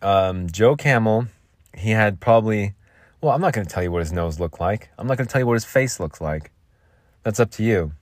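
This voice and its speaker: A man's voice: lowish voice, expressive, brisk, no room sound, clean studio sound. A man hosting a solo podcast in a goofy, rambling way, with jokey asides. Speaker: podcast host. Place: makeshift home vocal booth.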